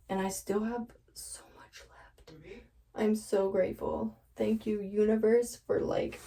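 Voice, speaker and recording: A woman's voice: medium pitch, dark tone, recorded from a distance, low-quality recording. A woman vlogger chatting nervously to the camera while she dyes her hair, laughing often. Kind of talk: casual chat to camera while dyeing hair. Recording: voice a bit off-mic.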